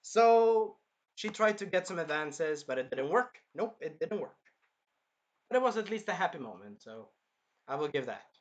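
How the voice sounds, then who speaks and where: Guy rambling through an anime ep review, kinda high voice, gets hyped and swears a lot. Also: normal speed, lo-fi sound. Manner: excitable, acts out scenes in bursts, swears freely. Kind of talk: casual review monologue.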